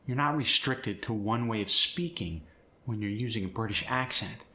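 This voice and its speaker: A man's voice: fairly low pitch, moderate pace, bright, forceful tone. A man teaching how to speak with a British accent, explaining the sounds and then demonstrating words in the accent. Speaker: acting and accent coach. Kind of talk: instructional video.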